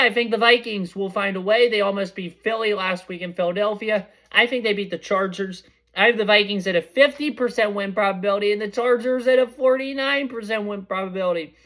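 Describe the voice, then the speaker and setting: A young man hosting a podcast, giving casual sports predictions in a chatty, excitable way and often correcting himself mid-sentence. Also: high-pitched. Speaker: podcast host.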